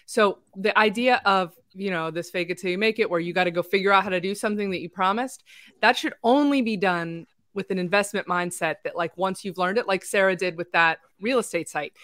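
A woman hosts a casual podcast chat and gives advice in a direct, coaching way. Her pitch sits in the middle. The recording is dry and close. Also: brisk, a bit bright, no room sound. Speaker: podcast host.

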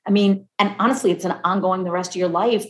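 A woman in her fifties talking casually and warmly about marriage, acting out other people's voices as she tells stories. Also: mid-range voice, steady tone, fast talker. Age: 50s. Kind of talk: casual heartfelt conversation. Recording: echoey room.

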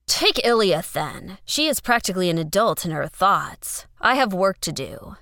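A woman voicing an irritable male giant larva scientist who barks curt, loud lines. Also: lowish voice, lively intonation, moderate pace, vocal fry, no room sound, studio quality.

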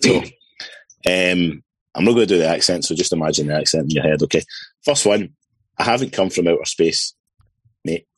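A man on a football podcast panel, blunt and deadpan, running a quiz. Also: low voice, fairly quick, long pauses, slightly rough, no echo, rough recording. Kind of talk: casual panel chat.

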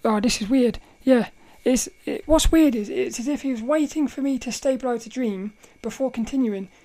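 A woman hosting a casual solo podcast, telling a story in a rambling, animated way, often laughing and restarting her sentences. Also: high voice, moderate pace. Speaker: podcast host.

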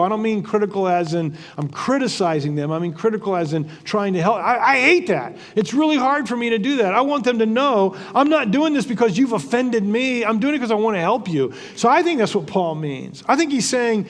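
A man's voice: high-pitched, expressive, a little fast, few pauses, in a large hall. A man giving a conversational Bible teaching, earnest and thinking aloud, often repeating and restarting his words. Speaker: preacher.

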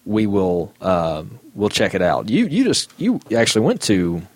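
A man hosting a casual podcast chat, talking in a halting way with many fillers as he reads out listener comments. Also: on the low side, wildly swooping pitch, dry recording. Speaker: podcast host.

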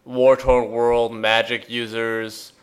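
A man's voice: medium pitch, flat delivery, slow pace. Podcast co-host, male, casual rambling delivery with jokes and fillers, remote call mic. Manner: rambling, jokey, trails off with fillers. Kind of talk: casual chat.

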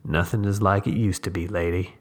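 A man's voice: low voice, fairly even intonation, brisk. A man voicing a scheming young one-armed drifter with a firm, nasal drawl and a solemn, preachy way of talking. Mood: brooding.

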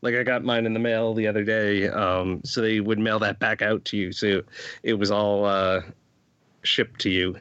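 A man co-hosting a podcast, talking casually and chattily, full of fillers and quick asides. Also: on the low side, little pitch movement, a bit bright, smooth, dry recording, dull audio. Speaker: podcast co-host. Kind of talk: casual chat.

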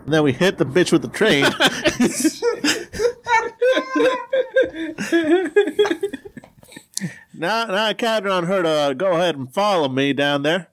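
A man's voice: fairly high pitch, brisk, hardly any pauses, a bit bright. A man playing a trucker in a tabletop role-play, talking in a drawling style with radio sign-offs. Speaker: player.

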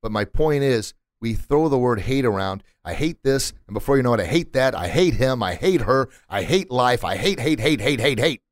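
Speaking into a studio mic, this middle-aged motivational podcast host preaches emphatically and repeats words to hammer his points. His mid-range voice has lively intonation and a moderate pace with few pauses; the sound is dry.

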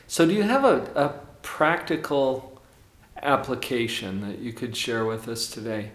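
A man's voice: medium pitch, big pitch swings, measured pace, fairly bright tone. A man hosting an interview, asking questions and adding brief encouraging interjections. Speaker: interview host. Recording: echoey room.

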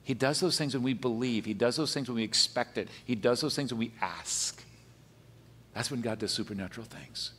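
A man pastor preaching a sermon, animated, swinging between emphatic high peaks and quiet, low asides. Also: brisk. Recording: long hall reverb.

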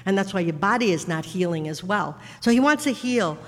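A woman giving an animated testimony in a sermon style, telling stories with frequent laughter. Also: medium pitch, brisk. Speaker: guest speaker giving testimony. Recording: echoey hall with long reverb.

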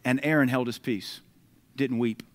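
A man, preaching a sermon and swinging between loud declarations and quiet asides. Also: mid-range voice, steady tone, moderate pace. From United States.

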